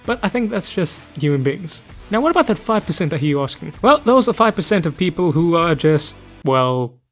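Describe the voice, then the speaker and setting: A man's voice: on the high side, big pitch swings, fairly quick, soft background music. A man hosting a casual lore explainer, rambling and joking about himself with lots of enthusiasm. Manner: rambling, jokey, self-deprecating, enthusiastic. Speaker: lore video host.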